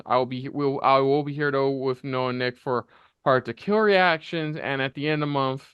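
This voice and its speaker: A man's voice: medium pitch, clear, resonant tone, no room sound, lo-fi sound. A man hosting a casual panel show, signing off with an upbeat plug for the channel. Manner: upbeat promotional sign-off. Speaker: host.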